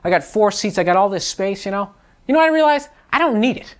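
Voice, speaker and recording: A man's voice: sits high, animated, quick pace. A man doing a stand-up routine before a live audience, ranting in a frustrated, exasperated way. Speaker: stand-up comedian. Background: audience laughter.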